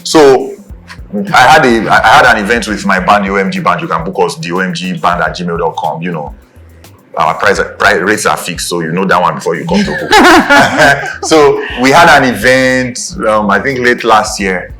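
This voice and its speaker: A man's voice: low-pitched, normal speed, faint music behind. A young adult man with a Nigerian accent, co-hosting a casual chat and often checking "do you understand". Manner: animated, repeats "do you understand". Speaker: podcast co-host.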